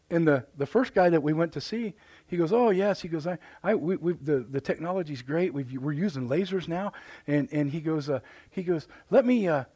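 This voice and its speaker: Animated Midwestern man preaching. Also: on the high side, normal speed, no echo. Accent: Midwestern American. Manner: animated, jokey, repeats words often. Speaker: pastor. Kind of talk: live sermon with storytelling. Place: church sanctuary.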